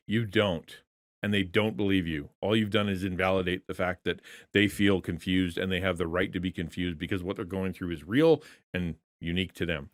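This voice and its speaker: A man's voice: sits low, normal speed, dry recording, clean studio sound. A man coaching content creators in a conversational teaching session, earnest in tone, often restarting words and asking rhetorical questions.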